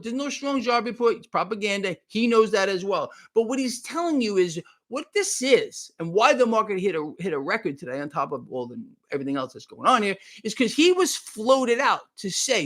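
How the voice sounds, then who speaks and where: A man's voice: high voice, very animated, brisk, hardly any pauses, fairly bright tone. A man hosting a live stream of market commentary, talking straight to his viewers with sarcastic, exclaiming emphasis.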